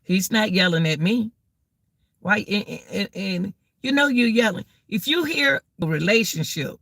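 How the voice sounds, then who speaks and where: Out in the cold, a woman offers relationship advice to her viewers in a casual but preachy, repetitive talk, drawling her key words and constantly addressing them as "y'all." Her mid-range voice is a bit bright, with no room sound.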